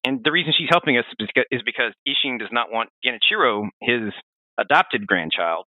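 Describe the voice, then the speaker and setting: A man hosting a podcast, telling game lore in a rambling, animated way with frequent restarts. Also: mid-range voice, a little fast, dry recording. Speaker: podcast host. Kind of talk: casual lore discussion. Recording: dry, phone-like narrow sound.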